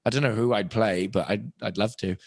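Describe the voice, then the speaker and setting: A man's voice: fairly low pitch, steady tone, brisk, creaky, no room sound. Self-deprecating young British man, dry sound. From Britain. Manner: rambling, self-deprecating, restarts often. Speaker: guest impressionist and voice actor. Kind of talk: casual podcast chat.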